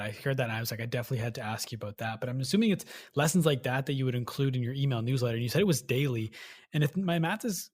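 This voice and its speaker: A male podcast host asks his questions quickly and casually. He keeps a friendly, easy tone. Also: medium pitch. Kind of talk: casual interview.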